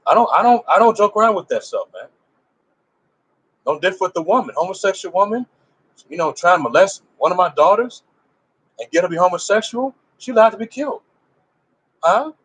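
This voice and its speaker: Emphatic man teaching, higher-pitched voice. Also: expressive, brisk, long pauses, fairly bright tone, husky, poor audio. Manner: emphatic, fires rhetorical questions at listeners; loose conversational phrasing with restarts. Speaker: religious teacher. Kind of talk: informal religious teaching.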